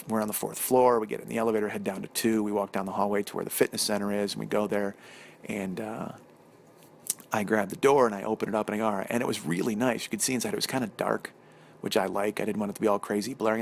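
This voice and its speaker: A man's voice: fairly low pitch, creaky, slight background noise. A man hosting a comedy podcast, telling a long profane story alone and acting out every voice in it. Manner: profane, animated, acts out both sides of the dialogue. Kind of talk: solo storytelling monologue.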